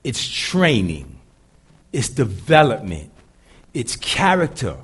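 A deep-voiced man preaches to a congregation, shifting between quiet, low stretches and loud, driving lines. His pitch moves freely and with a lot of animation. The delivery feels conversational and sure of itself. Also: wildly swooping pitch, slow pace, slightly rough. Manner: dynamic preaching, swinging between loud and hushed. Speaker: pastor. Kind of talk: live sermon to a congregation.

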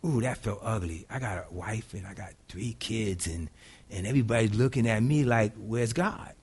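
A middle-aged man preaching a sermon in a casual, folksy way, moving between loud preaching and quiet, hushed storytelling. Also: fairly low pitch, normal speed, slightly rough. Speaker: pastor.

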